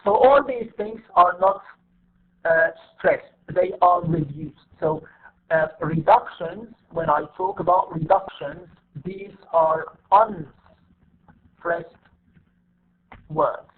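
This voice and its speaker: A male English teacher whose first language is Arabic gives an online class lecture in a high voice over a tinny line with a little hiss or hum. He speaks slowly with long pauses, explaining step by step in a repetitive way full of fillers.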